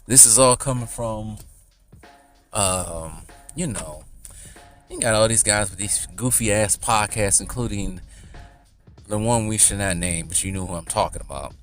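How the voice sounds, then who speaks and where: A man's voice: lowish voice, a little slow, soft background music. A man rambling casually in a commentary vlog, chatty and often laughing. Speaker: YouTuber.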